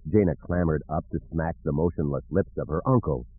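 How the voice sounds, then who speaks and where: A man narrating an audiobook in an expressive storytelling manner, with a husky voice. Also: extremely low pitch, fairly quick. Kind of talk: scripted narration. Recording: narrow phone-like audio.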